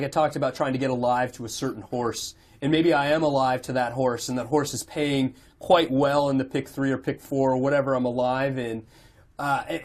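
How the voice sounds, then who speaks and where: A man's voice: medium pitch, darkish tone. A man hosting a podcast, easygoing and agreeable as he talks through his views and wraps up the show. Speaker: podcast host. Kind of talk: casual podcast discussion.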